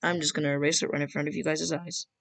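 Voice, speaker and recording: Woman, lowish voice, casual map-scenario narrator, chatty, joking, filler-heavy. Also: little pitch movement, fast talker, creaky. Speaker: video creator.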